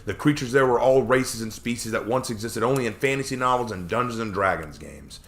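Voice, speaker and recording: A man reading aloud a first-person story he wrote himself, in a measured, expressive narrating manner. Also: mid-range voice. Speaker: storyteller reading his own fiction.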